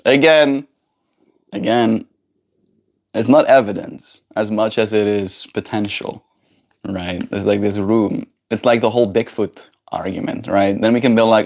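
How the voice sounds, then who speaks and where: Male livestreamer, low-ish register, blunt and swears freely, loose casual delivery. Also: expressive, moderate pace, gravelly, darkish tone. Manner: heated, blunt and profane, with frequent "right?". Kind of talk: casual livestream chat, reading viewer messages.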